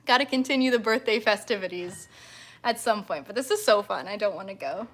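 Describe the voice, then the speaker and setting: A woman's voice: fairly high pitch, sing-song, normal speed. A young woman hosting a casual livestream as a mermaid performer, bubbly and giggly, gushing with thanks as she chats with viewers. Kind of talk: casual livestream chat reading viewer comments.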